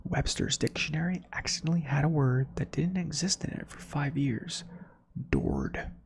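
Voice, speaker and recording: A man hosting a soft-spoken ASMR reading of facts, softly whispering with chatty asides. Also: fairly high pitch, fairly quick, creaky, slight background noise. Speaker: ASMR host.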